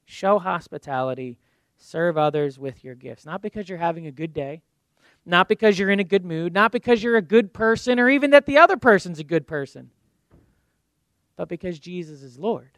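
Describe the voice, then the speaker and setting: A man's voice: sits high, lively intonation, normal speed, fairly bright tone, dry recording. A man preaching a sermon in a conversational way, acting out little asides and ending in prayer. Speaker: pastor.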